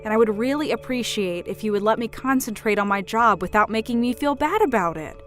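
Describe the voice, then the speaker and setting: A woman plays a young woman devoted to her work in a drama. She stays polite and steady while refusing to give in. Her voice sits a touch high, and soft music hums beneath it. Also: brisk. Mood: firm. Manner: polite but firm, standing her ground. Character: calm, firm young career woman.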